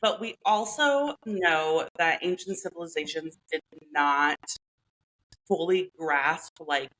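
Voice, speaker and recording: A woman's voice: low voice, takes it slowly, fairly bright tone, poor audio. A woman co-hosting a podcast in casual chat, playful and chatty, laughing often and leaning on "like". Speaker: podcast co-host.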